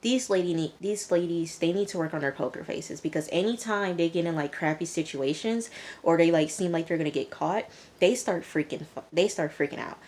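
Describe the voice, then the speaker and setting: A woman's voice: lowish voice, brisk, darkish tone. A young woman casually recapping a TV episode, with a chatty delivery full of "um" and "you know". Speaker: TV reviewer.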